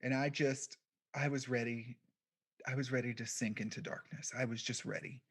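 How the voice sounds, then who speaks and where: A man giving a keynote, telling a personal story in a quiet, reflective way with deliberate pauses. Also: mid-range voice, steady tone, breathy edge. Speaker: keynote speaker, podcast founder.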